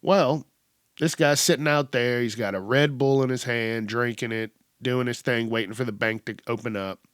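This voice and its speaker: A young man hosting a podcast, retelling a news story in a profane, animated way and acting out the quotes. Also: medium pitch, normal speed, clean tone, no room sound, studio quality. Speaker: podcast host. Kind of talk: casual news commentary.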